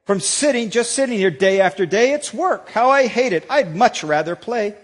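A man's voice: high voice, lively intonation, normal speed, big-room sound. A pastor voicing a lazy, bored female bird who begs to be let off her nest, in a sing-song, pleading way. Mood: bored whining.

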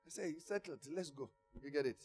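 A man preaching a sermon, swinging from quiet asides to shouted exhortation. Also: a little high, lively intonation, fairly quick, breathy edge, faint music behind. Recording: long church-hall reverb.

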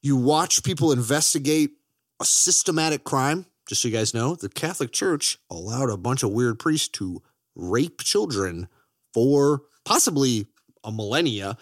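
A man's voice: medium pitch, lively intonation, measured pace, dry recording, studio quality. A man co-hosting a podcast, chatting enthusiastically about films, joking and swearing. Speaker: podcast co-host. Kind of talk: casual film chat.

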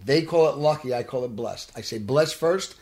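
A man tells his story in earnest, at an ordinary middle pitch. He slips into the voices of the people he quotes, as a guest in a studio interview. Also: expressive, normal speed, a little mellow. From Brooklyn, New York. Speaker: actor guest. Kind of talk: casual podcast interview.

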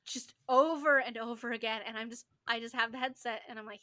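Young woman podcast co-host, fairly high bright voice, emphatic casual storyteller. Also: fairly even intonation, moderate pace. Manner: emphatic, repetitive, swears casually.

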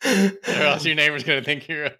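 A man's voice: a little high, brisk, pushed and bright. A man in casual podcast chat, reacting to a story with laughs and teasing remarks. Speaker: podcast co-host.

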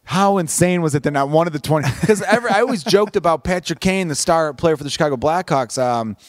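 A man's voice: a little high, expressive, fast talker, no room sound, clean studio sound. A man hosting a podcast in casual chat, rambling and profane, often restarting his sentences. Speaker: podcast host.

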